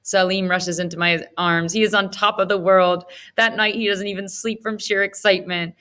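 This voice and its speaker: A woman's voice: medium pitch, fairly even intonation, normal speed, few pauses, pushed and bright. Woman narrating a novel. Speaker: audiobook narrator. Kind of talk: first-person novel narration.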